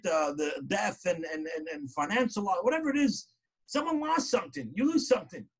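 High-voiced male lecturer for a synagogue class: conversational storyteller, punctuates with "right?", rises to emphatic quoted lines. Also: breathy edge. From lived in Israel. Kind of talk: sermon-style lecture.

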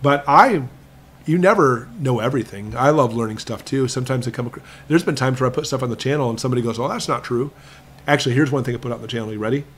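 A man hosting a prepping live stream, answering viewer questions in a talkative, emphatic lecturing manner that slows down to stress points. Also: medium pitch, slight background noise. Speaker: prepping channel host.

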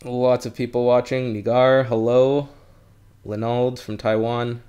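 In a live-streamed language class, this man teaches English, giving plain explanations of words and friendly chat with his audience from home. He speaks at a measured pace with a flat delivery, and his mid-range voice is mellow, clear, and resonant.

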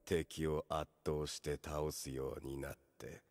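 A man voicing a menacing anime villain who talks slow and eerie. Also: rumbling low, flat delivery, background noise. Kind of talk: anime dub acting. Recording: anime clip with music behind.

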